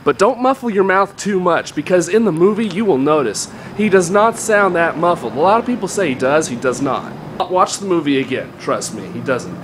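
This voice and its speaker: Walking down a street with a handheld device, a man gives an improvised tutorial on voice impressions. His high, expressive voice runs at normal speed with hardly a pause, over background noise, and he rambles casually while correcting himself.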